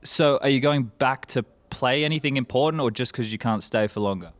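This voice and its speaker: A man's voice: mid-range voice, fairly quick. A man hosting casual, joking interviews with players at an event. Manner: joking, teasing, playful. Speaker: host.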